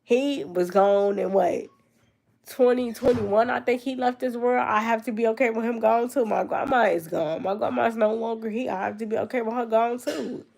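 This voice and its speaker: Young woman vlogger, home room, gravelly fry, loose reflective chat. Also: on the high side, moderate pace, darkish tone. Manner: reflective, loose and conversational, many fillers. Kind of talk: casual talk to camera. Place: her grandmother's room at home.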